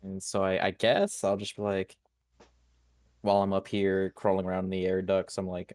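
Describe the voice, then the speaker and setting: A man playing in a tabletop game, relaxed and casual, laughing often. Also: deep voice, moderate pace, dry recording, clean studio sound. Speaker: player.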